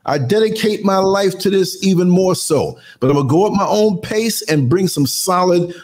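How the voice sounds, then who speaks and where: Older male live-stream host in his sixties, fairly high voice, emphatic and motivational, fond of fight talk. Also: lively intonation, moderate pace, a little mellow. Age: 60s. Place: indoors under studio lights.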